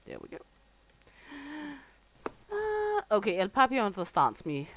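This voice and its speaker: A woman's voice: mid-range voice, huge pitch swings, a little slow, a bit bright, slight background noise, low-quality recording. A middle-aged Danish woman with a Danish accent, chatting casually and swearing freely while live-streaming a store game. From Denmark. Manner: chatty, swears freely, laughs often, talks to chat.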